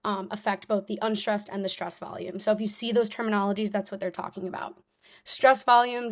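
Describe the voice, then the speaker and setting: Chatty young woman tutoring live. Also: medium pitch. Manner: casual, chatty, many fillers. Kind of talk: live online review lesson.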